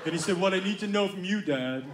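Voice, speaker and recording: High-voiced man doing stand-up. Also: fast talker, heavy background noise. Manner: animated storytelling, acts out both sides of a dialogue. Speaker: stand-up comedian. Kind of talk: stand-up comedy storytelling. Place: comedy club stage with live audience. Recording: live club room echo with crowd laughter.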